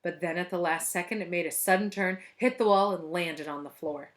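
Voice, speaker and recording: A woman's voice: fairly low pitch, a little fast. A woman reading a children's book aloud expressively, now and then speaking to young listeners.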